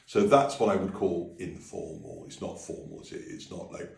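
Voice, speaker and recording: A man leading a friendly singing and language lesson, breaking into high sung phrases to demonstrate. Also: moderate pace, vocal fry, echoey room, far from the mic. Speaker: music teacher.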